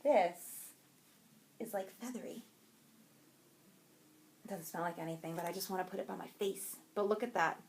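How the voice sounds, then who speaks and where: A young adult woman co-hosting a podcast, chatting casually and excitedly about yarn she bought, rambling and breaking off her own sentences. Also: on the low side, moderate pace, long pauses, slight background noise. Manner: bubbly, rambling, self-interrupting. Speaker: podcast co-host.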